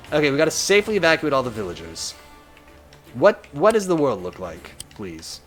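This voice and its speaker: A man's voice: mid-range voice, wildly swooping pitch, brisk, fairly bright tone, faint music behind. A man streaming a strategy game in casual, playful commentary, reading chat messages aloud as he plays.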